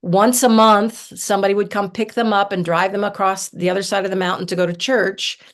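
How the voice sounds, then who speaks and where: A woman from southern Ohio tells stories as a podcast guest. She talks in an animated, chatty way, with lots of fillers and asides, at a middle pitch. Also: fairly quick. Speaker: herbalist guest. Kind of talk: casual storytelling interview.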